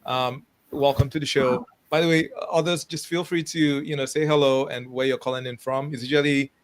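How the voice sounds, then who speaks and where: A man's voice: medium pitch, fairly even intonation, fairly quick. A man from Nigeria hosting a live interview podcast, chatty and laughing easily as he greets viewers by name. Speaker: podcast host.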